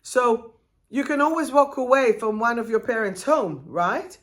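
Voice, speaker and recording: A woman spiritual life coach talking live to her viewers, expressive and direct, drawing out her words and asking them questions. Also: a little high, unhurried. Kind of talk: live-stream talk to viewers.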